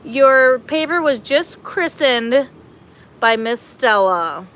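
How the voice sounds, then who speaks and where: Woman hosting a sanctuary live stream, fairly high voice, chatty and rambling, talking into a phone as she walks. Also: lively intonation, slow, a bit bright. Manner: chatty, rambling, laughs easily. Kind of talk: casual live-stream chat. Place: outdoor cat playground at a sanctuary.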